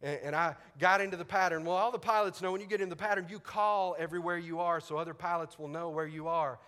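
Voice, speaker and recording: Male pastor, fairly high bright voice, lively storyteller, big reverberant hall. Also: fast. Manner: animated storyteller, acts out radio dialogue, laughs often. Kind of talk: sermon with personal story.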